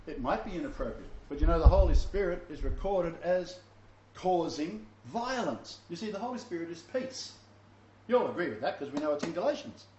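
A man's voice: fairly high pitch, expressive, fairly quick, darkish tone, a little hiss or hum. A man giving an informal Bible-study sermon, reading verses aloud and commenting, chuckling at his own asides. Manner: reads scripture aloud, then comments. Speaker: Bible teacher. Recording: roomy, dull lo-fi recording.

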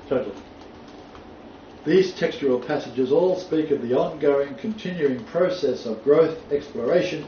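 A man's voice: medium pitch, mellow. A man preaching a sermon, quoting scripture emphatically and rising on key phrases. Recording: roomy, distant, dull, faint noise.

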